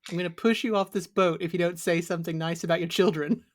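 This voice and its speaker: A man voicing a tipsy, pushy young adult twin who yells and goads at a tabletop game. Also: high-pitched, steady tone, fast talker, voice pushed up, natural voice. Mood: rowdy. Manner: yelling, teasing, goading.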